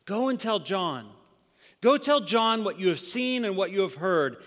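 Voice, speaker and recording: A man's voice: sits high, sing-song, unhurried. Man preaching in an echoing hall. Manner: swings between loud emphatic preaching and hushed near-whisper. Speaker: pastor. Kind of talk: sermon.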